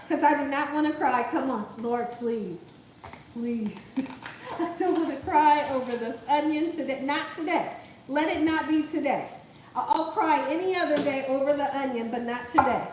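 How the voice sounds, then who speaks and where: A woman's voice: high voice, a little hiss or hum. A young woman hosting a live cooking stream from her home kitchen, chatting, laughing often and reading viewers' comments aloud. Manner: chatty, laughs often, says okay a lot. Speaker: cooking channel host. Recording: echoey kitchen, mic far off.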